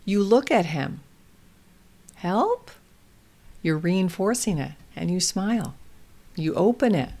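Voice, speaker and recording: A woman hosting a parenting show, giving calm, deliberate instructional advice to parents. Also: medium pitch. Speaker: parenting host.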